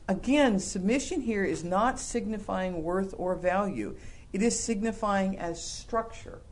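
Middle-aged guy teaching a bible lesson, lively, jokey, fires off questions. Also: high-pitched. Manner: animated, rhetorical questions, joking asides. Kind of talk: sermon-style Bible lesson.

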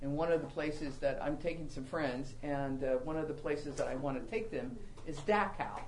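Lively older woman teaching the Bible. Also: sits low, moderate pace, a little hiss or hum, low-quality recording. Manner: animated storytelling with self-mocking humor. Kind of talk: humorous Bible teaching talk.

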